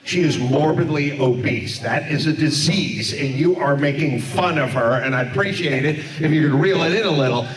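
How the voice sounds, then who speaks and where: A man's voice: a little high, normal speed, hardly any pauses, a loud crowd, close to an everyday voice. A man voicing a mock-earnest prank-calling husband who gets indignant, heard from far off in an echoey live room with an audience behind. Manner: mock-earnest, overly polite.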